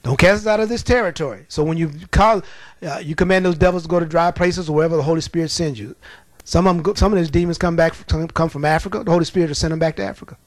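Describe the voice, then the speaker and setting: A male preacher with a high voice, preaching in a lively, conversational way and breaking into chuckles as he tells his stories. The sound is close and dry, with no room around it. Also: dry recording. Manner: animated, colloquial storytelling with chuckles. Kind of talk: sermon.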